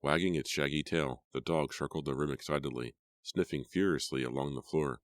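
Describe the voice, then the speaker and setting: Male audiobook narrator, extremely deep voice, steady reading, dry close sound. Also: a little fast, no room sound. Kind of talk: scripted narration.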